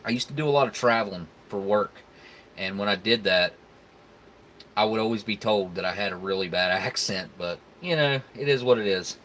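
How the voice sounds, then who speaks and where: A man's voice: on the low side, brisk, fairly bright tone, a little hiss or hum. A man, hosting a casual live stream where he tastes food and chats with viewers in a laid-back, rambling way. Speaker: live stream host reviewing military rations.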